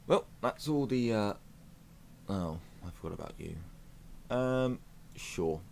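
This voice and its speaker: A man with a low voice talks through a strategy game in a chatty, self-mocking way, his pitch swinging widely as he reacts. It is relaxed let's-play commentary with a faint hum behind him. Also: takes it slowly, vocal fry. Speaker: gaming YouTuber.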